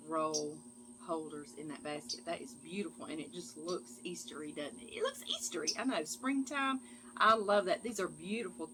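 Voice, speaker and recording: Reading viewer mail on her cooking channel, this woman is bright and chatty, with a voice on the low side. She's affectionate, tossing out "girl" and "y'all" often, and a little hiss or hum sits under the recording.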